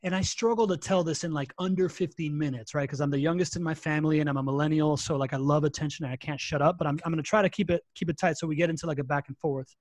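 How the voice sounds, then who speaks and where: A man in his forties tells his life story as a podcast guest. He is chatty and self-deprecating and repeats words as he goes. His voice sits fairly high and sounds dry and close. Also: steady tone, rapid-fire, few pauses, no echo. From born in Latin America, raised in Miami and Spain. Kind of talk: casual storytelling interview.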